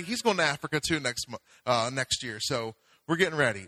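A man's voice: medium pitch, very animated, a little fast, sharp tone, no room sound, rough recording. A man preaching a sermon as pastor, talking conversationally and building to fervent exhortation.

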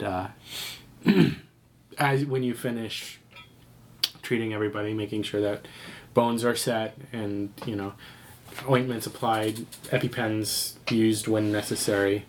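A man narrating as game master of a tabletop role-playing podcast, relaxed and measured. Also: fairly low pitch, slight background noise.

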